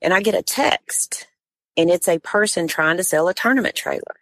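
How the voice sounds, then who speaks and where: A woman's voice: lowish voice, moderate pace, fairly bright tone, no echo. A woman tournament director, a guest on a podcast, telling a story in casual conversation and acting out what others said.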